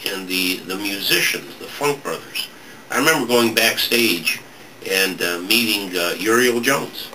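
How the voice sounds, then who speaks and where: A man hosting a casual studio chat, rambling and halting as he searches for names. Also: lowish voice, lively intonation, sharp tone. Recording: distant mic with background noise.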